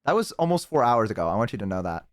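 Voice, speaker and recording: A young man streaming and chatting casually with a friend on a call, excitable and swearing a lot, with sudden high-pitched outbursts. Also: racing, dry recording, clean studio sound. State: has the hiccups.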